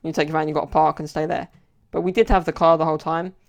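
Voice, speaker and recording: A man's voice: on the high side, level tone, fast talker, vocal fry. A man hosting a solo podcast, telling stories in a rambling, casual way with plenty of fillers. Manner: rambling storyteller, many fillers. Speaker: podcast host.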